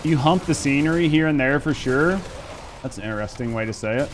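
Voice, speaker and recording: Midwest guy in his 30s on a game stream, mid pitch, chill rambly talk, swears a lot, faint gunfire behind. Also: fairly quick, noisy background. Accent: Midwestern American. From Indiana. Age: over 30. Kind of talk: casual live-stream chat.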